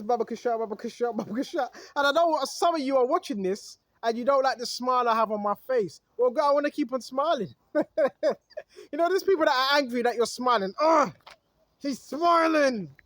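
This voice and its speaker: A man's voice: very high voice, lively intonation, fast, a bit bright. A man preaching outdoors, reading scripture aloud and then riffing on it, calling out to listeners and chuckling often. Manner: exhorting, reads scripture aloud then riffs on it. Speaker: street preacher.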